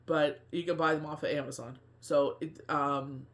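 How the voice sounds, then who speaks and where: A man with a somewhat high voice talks in a loose, confiding monologue, as a tarot reader and medium sharing his own thoughts. His speech wanders, circles back and leans on fillers and restarts. He sounds earnest throughout. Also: fairly even intonation, moderate pace, a bit bright. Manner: rambling, heavy with fillers and restarts. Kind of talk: casual personal monologue.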